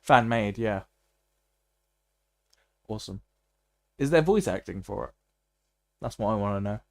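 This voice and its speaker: A man chatting over a game stream in a low voice, joking with his audience and laughing often. The sound is dry and close to the mic. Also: lively intonation, measured pace, no echo. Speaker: gaming streamer. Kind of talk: live gameplay commentary.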